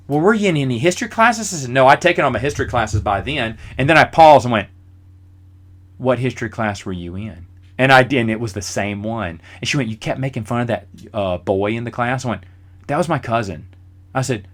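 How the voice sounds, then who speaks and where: Lively man telling stories on his podcast. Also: mid-range voice. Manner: animated, acts out quoted voices. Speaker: podcast host. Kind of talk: casual storytelling monologue.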